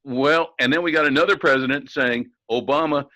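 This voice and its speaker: A man's voice: mid-range voice, a little fast, few pauses, bright, forceful tone, no room sound, rough recording. A man co-hosting a talk show, ranting in an indignant, sarcastic way with frequent restarts. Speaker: co-host. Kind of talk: ranting talk-radio commentary.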